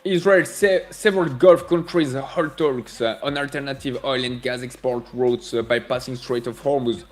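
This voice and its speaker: A man's voice: medium pitch, fairly even intonation, moderate pace, hardly any pauses. A man hosting a live trading stream, reading out chat and laughing often. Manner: playful, laughs often, reads chat messages aloud.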